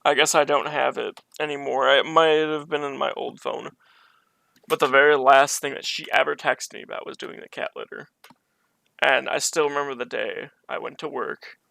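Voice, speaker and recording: A man's voice: medium pitch, fairly even intonation, normal speed, vocal fry, pushed and bright, dry recording. A man streaming from his bedroom, telling a personal story in a rambling, conversational way with many restarts. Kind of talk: casual storytelling on a live stream.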